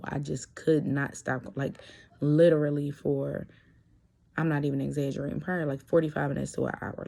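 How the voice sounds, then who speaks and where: A woman's voice: low-pitched, steady tone, fairly quick, gravelly, dark tone. A young adult woman talking candidly in a personal vlog, hesitant, with many fillers and restarts. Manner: candid and earnest. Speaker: vlogger.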